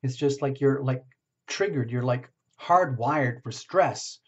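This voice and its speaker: A man giving a casual tarot reading, talking gently and rambling, often checking in with "okay?". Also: medium pitch, takes it slowly, breathy edge, dull audio. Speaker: tarot reader.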